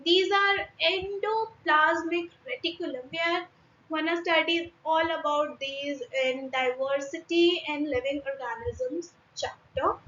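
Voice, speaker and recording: A young Indian woman teaches biology in a slow, unhurried way, often pausing on fillers and starting sentences over. Her voice sits high and sounds bright. The recording is dull and lo-fi, with an echoey room around her. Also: a little hiss or hum. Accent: Indian English. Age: young adult. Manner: hesitant, many fillers and restarts. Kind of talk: online class explaining diagrams.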